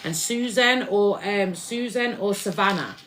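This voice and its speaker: A woman's voice: medium pitch, measured pace, a bit bright. A woman giving a casual, rambling live tarot reading to her viewers, repeating herself and restarting her words as she goes. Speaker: tarot reader.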